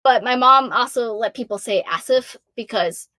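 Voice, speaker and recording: A woman in her thirties from Massachusetts, a voice actor answering fan questions in a bubbly, self-deprecating way, with a high-pitched voice that is going hoarse from so much talking. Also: moderate pace, sharp tone, no echo. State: losing her voice. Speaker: voice actor guest. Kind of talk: casual Q&A answers.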